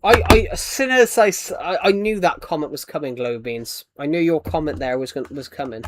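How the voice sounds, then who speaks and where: A young Brit streaming a game talks casually and thanks his viewers and donors, chatty and inclined to trail off and restart. His voice is a little high and a little fast, with background noise in the recording.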